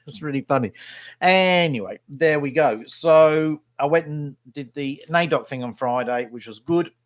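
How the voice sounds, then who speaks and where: A man's voice: a little high, measured pace, no room sound, studio quality. A middle-aged man, talking in a casual, rambling monologue as a vlogger, blunt in his opinions and often tagging his sentences with "right?". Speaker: vlogger and local newspaper photographer.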